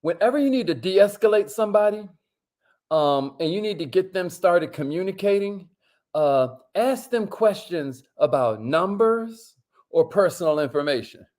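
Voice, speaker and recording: Man in his own casual voice, a slightly high-pitched livestream host who talks slang and hypes up the chat. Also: normal speed. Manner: lively, hypes up viewers and reads their comments; drops to a near whisper to make a point. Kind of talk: casual livestream talk to viewers.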